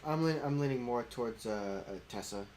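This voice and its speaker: A man's voice: medium pitch, brisk. A man from the United States co-hosting a reaction podcast, joking and swearing freely in casual chat. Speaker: podcast co-host.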